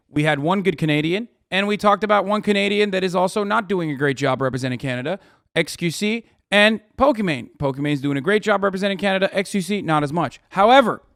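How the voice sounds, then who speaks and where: A man streams live and reacts to chat in a heated, swearing rant. His voice sits a touch higher than most men's, and it sounds dry and close with no room echo. Between the outbursts he slips into sarcastic jokes that trail off. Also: fairly bright tone. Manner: heated, profane, sarcastic ranting; jokey, trailing off into mumbles.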